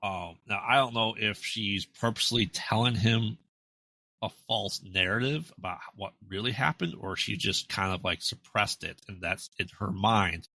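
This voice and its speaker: An American man with a deep, bright-edged voice rambles through a movie recap on a podcast, full of fillers and restarts. The recording is dry and close, with no room sound. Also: moderate pace, dry recording. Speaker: podcast co-host. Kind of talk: casual movie recap chat.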